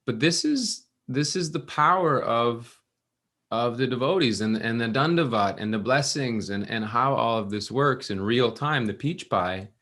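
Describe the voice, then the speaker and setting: A man giving a scripture class at a temple, telling a story with lively restarts and acted-out quotes. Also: medium pitch. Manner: animated, restarts, acts out quotes.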